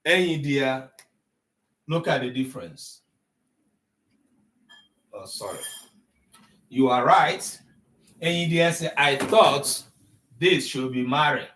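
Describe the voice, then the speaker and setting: Slow, deliberate man teaching. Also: fairly bright tone. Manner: slow, deliberate teaching, mixing English and Igbo; sounds out syllables with high and low tones. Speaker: Igbo language teacher. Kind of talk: live online language class.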